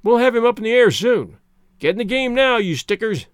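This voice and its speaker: A man voicing an aggressive rival baseball captain who booms goading taunts in an audiobook reading. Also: expressive, fairly quick, smooth, no echo, clean studio sound. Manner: booming, goading. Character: booming rival male team captain, aggressive.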